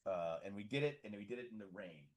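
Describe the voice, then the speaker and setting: A man co-hosting a casual podcast chat, telling a lively story and acting out other people's voices and screams along the way. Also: lowish voice, fast talker. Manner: animated storyteller who acts out screams and quotes. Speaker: podcast co-host.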